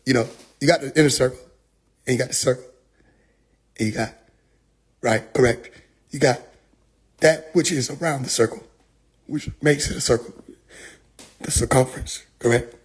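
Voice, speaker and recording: A man mocking a low, droning, evasive preacher. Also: slightly rough, natural voice. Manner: low, slow, rambling pseudo-explanation.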